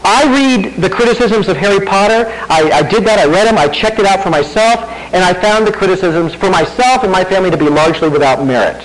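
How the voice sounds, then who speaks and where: Lively-pitched male pastor preaching conversationally. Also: a little fast, hardly any pauses, slight background noise, poor audio. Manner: conversational preaching with rhetorical questions and self-deprecating laughs. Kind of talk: sermon.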